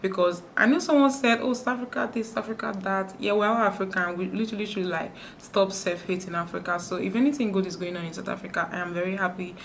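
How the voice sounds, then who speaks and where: A woman from Nigeria talking fast to camera in a sit-down vlog, with frequent restarts. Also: mid-range voice, slight background noise. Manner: talks fast, many restarts. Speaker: YouTuber. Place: indoors, sit-down video.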